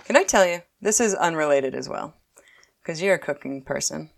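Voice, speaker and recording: Low-voiced chatty woman. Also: moderate pace, creaky. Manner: chatty, laughs often, animated storytelling. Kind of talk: casual chat.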